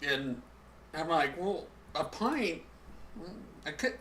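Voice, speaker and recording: A man's voice: fairly high pitch, very animated, slow, fairly bright tone, slight background noise. A man hosting a casual podcast chat, rambling and stop-start, often restarting his sentences. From living in Oklahoma. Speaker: podcast host.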